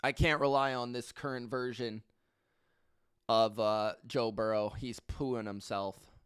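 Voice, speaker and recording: A man hosting a live sports reaction stream, giving play-by-play and swearing, swinging from muttering to yelling and repeating himself in disbelief. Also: mid-range voice, fairly even intonation, a little slow, clear, resonant tone.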